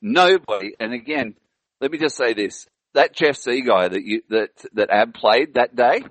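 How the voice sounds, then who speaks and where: A man's voice: mid-range voice, moderate pace, a bit bright, dry recording. Rambling, indignant man. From Australia. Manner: rambling, indignant, full of fillers. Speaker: podcast co-host. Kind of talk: casual chat.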